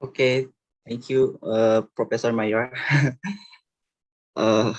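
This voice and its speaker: A man volunteering as a student reader on a video call, reading slowly and hesitantly with small slips. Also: medium pitch, flat delivery. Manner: hesitant, slow reading with slips and nervous laughs.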